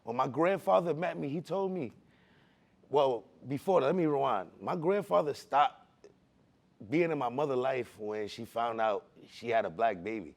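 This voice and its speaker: A man from the Bronx, telling his personal testimony in a casual, animated way with street slang. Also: medium pitch, moderate pace, gravelly. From the Bronx, New York. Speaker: speaker giving a personal testimony.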